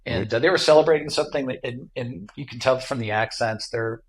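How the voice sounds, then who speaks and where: A man's voice: medium pitch, fairly quick. A middle-aged man from Michigan, a tech entrepreneur guest, telling a travel anecdote in a casual interview, with lots of fillers and restarts. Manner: animated anecdote teller with many fillers.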